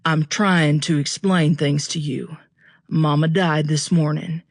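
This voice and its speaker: An aggravated grown son, read by a woman narrator, firm and curt. The voice sits lowish. The recording is close and dry. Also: steady tone, takes it slowly, no room sound, exaggerated voice.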